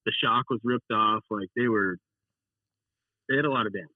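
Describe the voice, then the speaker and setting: A man's voice: lowish voice, moderate pace, dry recording. A young man telling a rambling race story in a casual call, acting out what he and his teammate said. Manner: rambling storyteller, acts out his own quotes. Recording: dry tinny phone line.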